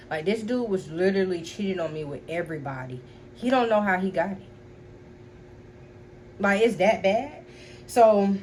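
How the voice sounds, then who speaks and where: A woman's voice: fairly low pitch, a little hiss or hum. A young woman casually telling a personal story to her viewers, chatty and blunt, full of fillers and swearing. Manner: blunt and profane. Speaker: storytime vlogger.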